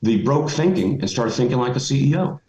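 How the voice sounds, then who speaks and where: A man's voice: mid-range voice, animated, fairly quick, mellow. A middle-aged man giving motivational advice as a podcast guest, emphatic and folksy. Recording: roomy, dull lo-fi audio.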